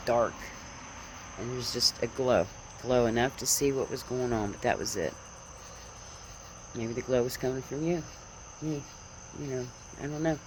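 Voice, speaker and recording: A woman's voice: extremely low pitch, slight background noise, rough recording. A woman vlogger telling a dream and giving spiritual encouragement in a rambling, earnest way, repeating her phrases, speaking outdoors on her porch at night into a phone. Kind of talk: casual storytelling monologue. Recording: crickets and insects chirping outdoors. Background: crickets, insects, passing vehicles.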